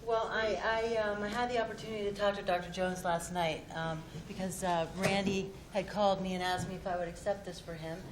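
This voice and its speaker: Woman, gentle halting speech, echoey conference hall, faint noise. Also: medium pitch, steady tone. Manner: gentle, halting, many fillers and restarts. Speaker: award acceptor speaking for a doctor.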